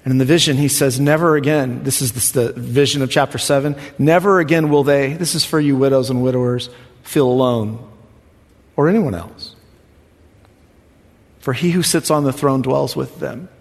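Emphatic preaching man in a big hall. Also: mid-range voice. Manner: swings from soft to loud emphatic preaching. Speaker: pastor. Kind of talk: sermon.

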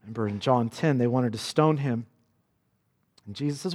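A man's voice: mid-range voice, normal speed, darkish tone. Man preaching in an echoing hall. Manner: earnest preaching, quoting Jesus in a dramatic voice. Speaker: pastor. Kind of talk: sermon.

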